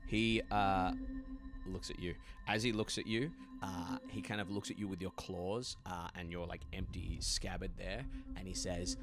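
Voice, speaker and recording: A man narrating as game master in a one-on-one tabletop game, relaxed and filling pauses with frequent "uh" sounds. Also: deep voice, over music. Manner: relaxed, many "uh" fillers, quick laughs.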